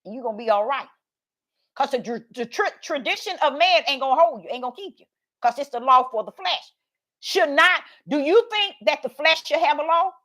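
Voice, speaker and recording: A high-voiced woman preaches over a livestream. She reads verses aloud and keeps asking her viewers to answer, in a call-and-response way. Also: lively intonation, fairly quick, fairly bright tone. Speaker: online preacher. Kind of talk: livestream Bible teaching.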